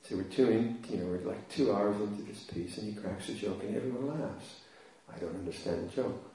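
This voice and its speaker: A man's voice: lowish voice, a little fast, mellow. A man, a Buddhist monk, giving a dharma talk as a humorous, self-deprecating story with frequent laughter. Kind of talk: dharma talk with personal anecdote. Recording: echoey hall, voice from far off.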